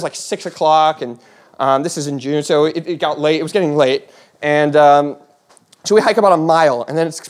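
A young man telling a personal story on stage, rambling with many fillers and restarts and laughing as he goes. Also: on the high side.

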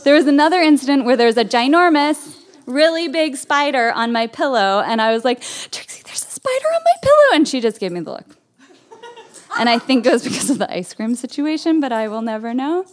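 Woman from berkeley telling a story, kinda high voice, lots of likes. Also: lively intonation, fairly quick. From Berkeley, California. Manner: chatty, full of "like" fillers. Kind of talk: personal storytelling.

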